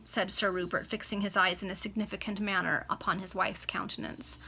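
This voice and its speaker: A woman narrates a classic novel aloud for friends, expressive and casual, stopping now and then to fix a word. Her voice is bright and crisp. She is heard through a video call microphone. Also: medium pitch, a little fast, few pauses. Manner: expressive, occasional self-corrections. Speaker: reader.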